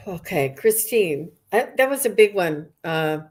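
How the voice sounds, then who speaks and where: A woman's voice: fairly low pitch, lively intonation, a little slow, darkish tone, breathy edge. A woman working as a psychic medium, giving a live reading to viewers in an earnest, rambling way with many restarts.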